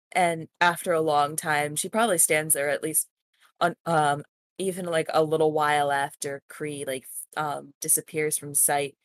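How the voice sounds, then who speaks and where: A woman's voice: low voice, no room sound. A woman playing in a tabletop game, describing her character's actions hesitantly with many fillers. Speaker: player.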